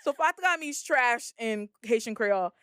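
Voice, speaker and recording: A woman's voice: fairly high pitch, lively intonation, moderate pace, fairly bright tone, clean tone, no echo, studio quality. A young woman co-hosting a casual podcast, frank and blunt, laughing easily. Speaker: podcast co-host.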